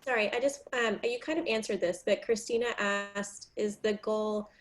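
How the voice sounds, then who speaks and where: A woman's voice: medium pitch, steady tone, normal speed. A woman in an online class relaying a question, hesitant and apologetic.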